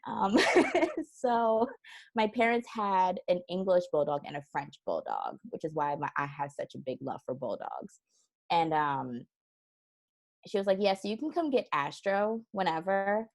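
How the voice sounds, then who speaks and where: A woman with a fairly low voice tells a personal story as an interview guest. She laughs easily and acts out the voices of people in her story. Her delivery is casual and animated. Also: a little slow, gravelly. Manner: laughs often while talking. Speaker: guest, transformation strategist.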